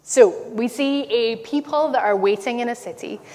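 A woman's voice: fairly high pitch, normal speed, a little mellow. A woman from Scotland giving a sermon and telling stories, stressing her key points. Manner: storytelling, emphatic at key points. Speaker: preacher. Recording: long reverb, hall.

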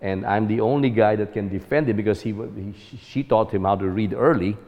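A man's voice: lowish voice, a little fast, big-room sound, muffled recording. A man telling a personal story about fatherhood as an earnest testimony.

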